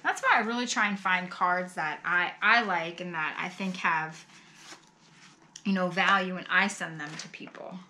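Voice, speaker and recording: A middle-aged woman chatting casually as she opens fan mail at home, gushing and exclaiming, with soft sighs and laughs. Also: fairly low pitch, moderate pace, slight background noise. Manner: often sighs and laughs softly. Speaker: vlogger opening fan mail. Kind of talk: casual chat.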